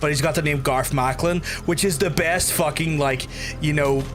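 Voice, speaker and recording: A man's voice: on the high side, fairly even intonation, moderate pace, fairly bright tone, faint music behind. A man streaming a video game, rambling and swearing in chatty asides to his viewers, close to his microphone. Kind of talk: casual gameplay livestream commentary. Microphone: close to the mouth.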